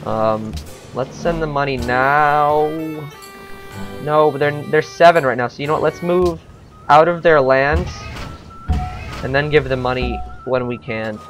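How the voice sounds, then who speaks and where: A man's voice: on the high side, unhurried, pauses often, music in the background. A man giving casual let's-play commentary on a strategy game, thinking aloud with frequent hesitations.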